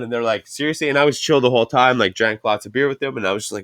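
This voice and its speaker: A man's voice: medium pitch, racing, hardly any pauses, a bit bright, no room sound, clean studio sound. A man hosting a casual podcast, telling rambling, profane stories and reading an ad. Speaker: podcast host. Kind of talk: casual bar chat.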